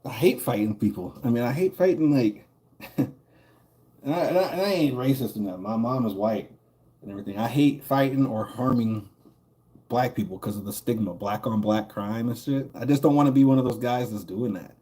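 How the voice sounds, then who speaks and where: A man's voice: mid-range voice, fairly quick, dark tone. Rambling, chuckling male streamer. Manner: rambling, profane, chuckles often. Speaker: gaming streamer. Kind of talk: casual storytelling while streaming.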